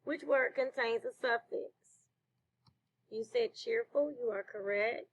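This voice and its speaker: Woman, teacher, phonics lesson, slightly high voice, slow and deliberate. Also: poor audio. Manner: slow, clear classroom delivery with praise.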